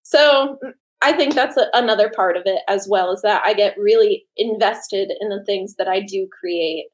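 In a rough recording, a woman in her late twenties, an artist and teacher, gives a podcast interview in a mid-range voice at a moderate pace. She speaks earnestly and enthusiastically, laughs often, and fills her talk with fillers and restarts.

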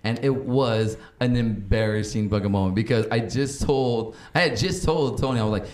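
A man's voice: medium pitch, normal speed, hardly any pauses, darkish tone. A man in his forties co-hosting a podcast in casual, profane chat, acting out the voices of people he quotes. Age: 40s. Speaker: podcast co-host. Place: live venue. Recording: echoey room with faint noise.

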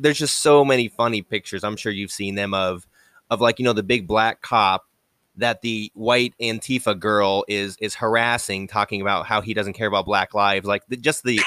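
A man hosting a casual talk show, speaking haltingly with many restarts and frequent agreement. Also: fairly low pitch, pushed and bright, dry recording, studio quality. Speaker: podcast host. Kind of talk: casual chat.

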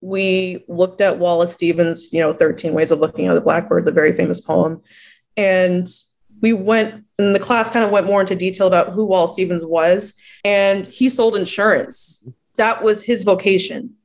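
A woman poet from New Jersey talks in a relaxed interview. She laughs easily and tells her stories with lively acted-out quotes. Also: lowish voice, normal speed. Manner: chatty storyteller who laughs often and acts out quoted voices. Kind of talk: casual interview conversation.

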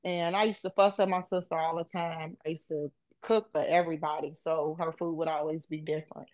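A woman's voice: sits low, little pitch movement, brisk, darkish tone, no room sound. A woman on a podcast, retelling an emotional personal story in vivid, casual speech. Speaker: podcast co-host.

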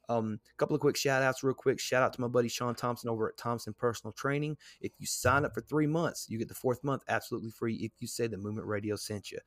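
A man's voice: lowish voice, no room sound, studio quality. Rambling man co-hosting a podcast. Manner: loose, rambling, with many fillers and restarts. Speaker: podcast co-host. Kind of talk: casual podcast chat.

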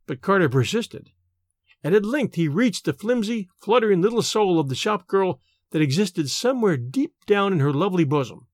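A man narrating a classic short story in an expressive storytelling manner. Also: high voice, normal speed, dry recording, clean studio sound. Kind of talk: audiobook narration.

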